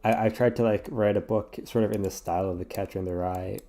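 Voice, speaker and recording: A man's voice: on the low side, steady tone, fast, warm tone. A sleepy man chatting casually while playing a puzzle game, rambling, apologetic and swearing often. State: yawning, sleepy. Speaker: gaming streamer.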